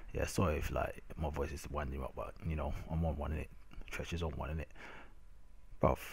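Over clips of a match, a young London gamer rants casually, full of slang and frequent "innit". His voice is very deep and husky, with vocal fry.

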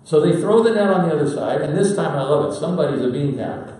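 A man preaching a sermon in a folksy storytelling manner with dramatic pauses. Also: fairly high pitch, expressive, mellow. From Pacific Northwest, United States. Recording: very echoey hall, voice from far off.

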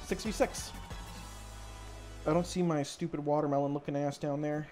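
A woman streaming a party game, giving excited play-by-play and yelling at every win and fall. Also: deep voice, normal speed. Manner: excitable, shrieks and yells at wins and falls. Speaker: gaming streamer. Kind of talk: excited let's-play commentary. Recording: game music behind the voice.

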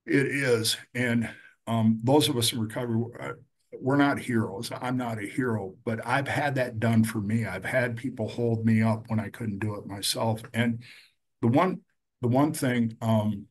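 Husky earnest man telling a story. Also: medium pitch. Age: middle-aged or older. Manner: earnest, emotional, halting with fillers. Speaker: recovery counselor and guest. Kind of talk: conversational storytelling.

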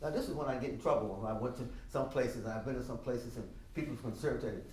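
A man's voice: mid-range voice, fast, slight background noise. Older man teaching, voice echoing from afar. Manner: sings out rhythms with drum sounds; animated, emphatic. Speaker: music teacher. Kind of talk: masterclass lecture. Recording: roomy sound from a distant mic.

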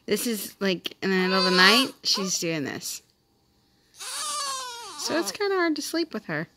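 A woman's voice: mid-range voice, very animated, moderate pace, noisy background. A young mother, chatting casually and switching into sing-song baby talk to her infant at home. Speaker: vlogger mother. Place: home, indoors.

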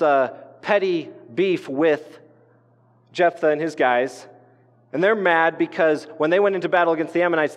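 A man's voice: fairly high pitch, long reverb tail. A man in his role as pastor preaching a sermon in a casual, conversational way, with asides and restarts, from northern Colorado. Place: church sanctuary.

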